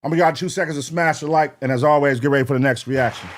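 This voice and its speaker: A young man hosting a live reaction stream, talking loosely with profane slang, laughing and shouting out names from the chat. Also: on the high side, rapid-fire, a faint crowd.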